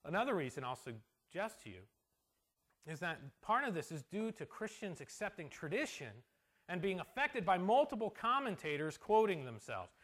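Animated high-voiced male pastor preaching. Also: normal speed. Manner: storytelling, animated, drops to a soft hush for emotional parts. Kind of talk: sermon.

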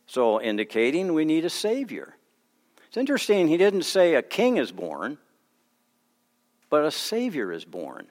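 A man preaching a sermon as pastor, earnest, moving between quiet asides and emphatic declarations. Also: fairly high pitch, wildly swooping pitch, unhurried, pauses often. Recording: long hall reverb.

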